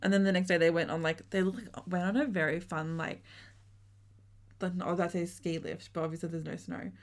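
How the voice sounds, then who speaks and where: A woman's voice: fairly low pitch, steady tone, brisk. A woman co-hosting a podcast, chatting casually and swearing as she recaps a reality show. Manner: chatty, swearing, laughing often. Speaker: podcast co-host.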